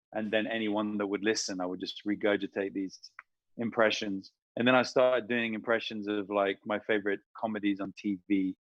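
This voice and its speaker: A man, an actor and voice performer, chatting casually and telling animated stories with quick impressions. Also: lowish voice, no echo, muffled recording. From United Kingdom. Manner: animated, slips into impressions mid-story. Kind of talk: casual interview storytelling.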